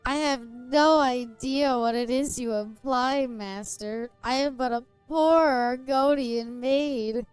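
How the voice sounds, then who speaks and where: A woman's voice: high-pitched, slow pace, few pauses, smooth, no echo, faint music behind. A woman voicing a shy young female lizard-folk maid, speaking demurely and formally.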